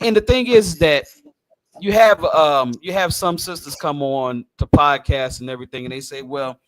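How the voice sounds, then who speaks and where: A man hosting a casual podcast, telling stories in an animated way and laughing often. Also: on the high side, no echo. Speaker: podcast host.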